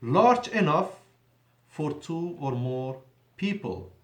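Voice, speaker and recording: A man teaching a language class in a mosque, slowing down to stress key words and correcting himself as he goes. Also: on the high side, lively intonation, a bit bright. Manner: deliberate, drawn-out emphasis on key words; switches between Arabic and English, self-correcting. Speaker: Arabic teacher. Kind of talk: classroom lesson. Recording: echoey room.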